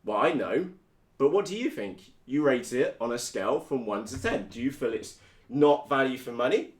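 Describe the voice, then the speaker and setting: A British man from the United Kingdom hosting a live stream about his radio-controlled models, blunt, energetic and full of slang. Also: mid-range voice, normal speed, roomy sound. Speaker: RC hobby video host. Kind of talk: casual live-stream chat.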